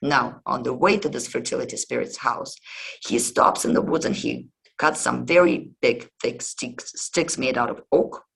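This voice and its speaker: Gravelly, husky man hosting a podcast. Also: medium pitch, normal speed, fairly bright tone, low-quality recording. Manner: hesitant, many ums and restarts. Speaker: history podcast host. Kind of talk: casual podcast lecture retelling myths.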